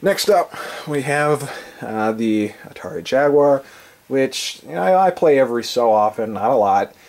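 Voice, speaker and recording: A man's voice: medium pitch, lively intonation, a little slow, darkish tone. A man with a stuffy, congested voice, casually rambling through a tour of his game collection with lots of fillers. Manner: rambling, filler-heavy, enthusiastic about gear. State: congested and breathing heavily from allergies. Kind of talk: casual off-the-cuff tour narration.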